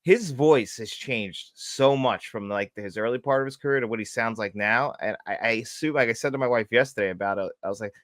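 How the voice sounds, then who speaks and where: A man's voice: medium pitch, brisk, hardly any pauses, fairly bright tone, no echo, studio quality. A man from Long Island with a New York accent, co-hosting a casual film podcast, laughing often and talking with lots of "like". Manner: laughs often, filler-heavy "like" talk. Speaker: podcast co-host.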